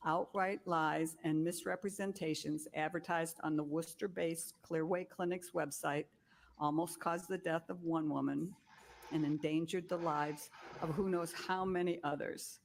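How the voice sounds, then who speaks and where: A woman at a council meeting, reading a prepared public comment in a steady, formal way. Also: low voice, moderate pace, vocal fry. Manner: steady, formal, read aloud.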